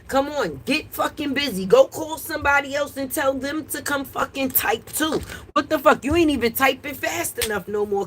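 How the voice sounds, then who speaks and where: A woman's voice: high voice, lively intonation, normal speed, few pauses, fairly bright tone. A woman hosting a casual livestream from her porch, brash and profane, scolding her chat. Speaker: livestream host. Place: porch outdoors.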